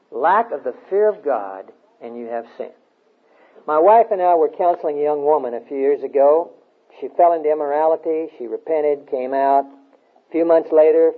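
Husky high-voiced man preaching, tinny sound. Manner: earnest exhorting preaching with storytelling. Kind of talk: sermon.

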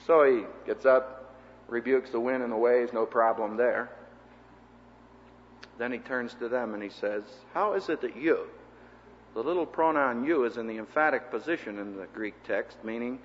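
A man teaching a seminary class in a sermon-style lecture, an animated storyteller who acts out the people he quotes. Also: medium pitch, moderate pace, in a large hall, lo-fi sound, a little hiss or hum.

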